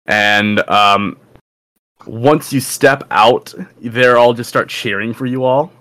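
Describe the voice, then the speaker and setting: A man's voice: medium pitch, steady tone, takes it slowly, bright, forceful tone. A man narrating as dungeon master in a loose, rambling way with lots of fillers. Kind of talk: narrating a tabletop game.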